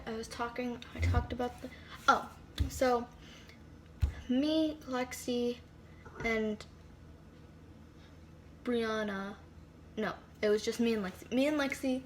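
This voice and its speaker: A woman's voice: on the high side, steady tone, unhurried, pauses often, background noise. A teenage girl telling a storytime vlog in casual chat, full of "like" and dramatic whispered asides. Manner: chatty, heavy use of "like", dramatic asides and whispered comments. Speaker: vlogger. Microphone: phone.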